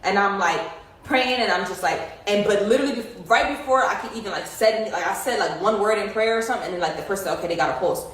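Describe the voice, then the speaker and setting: A woman's voice: mid-range voice, fast talker, fairly bright tone. A young woman casually telling her viewers an emotional story, rambling with many fillers. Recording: distant, very echoey room, faint noise.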